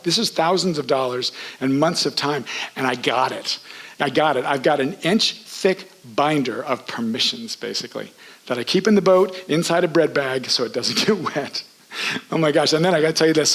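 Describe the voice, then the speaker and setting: A man telling a true story on a theater stage, in an animated, conversational way. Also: medium pitch, low-quality recording. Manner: animated, conversational, quotes people in his story. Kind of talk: first-person stage storytelling.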